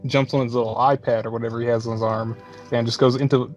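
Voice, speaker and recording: A man's voice: medium pitch, flat delivery, fast, muffled recording, soft background music. Laughing man in profane movie banter. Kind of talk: casual movie chat.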